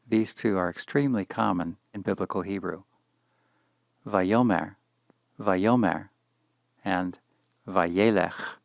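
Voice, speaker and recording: A man reading a scripted grammar lesson, measured and careful, pronouncing each example word deliberately. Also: deep voice, creaky, dry recording, clean studio sound. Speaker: language teacher. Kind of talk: scripted instructional narration.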